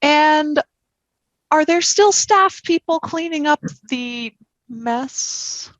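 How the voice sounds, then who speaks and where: High-voiced slow woman player. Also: animated, dry recording, highs cut off. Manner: deliberate questions to the game master. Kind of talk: tabletop game play.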